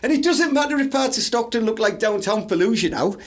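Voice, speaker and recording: A man's voice: very high-pitched, animated, a little fast. A man with a Teesside accent co-hosting a podcast, rambling through mock-serious crude stories. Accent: Teesside English. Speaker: podcast co-host. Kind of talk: crude casual banter.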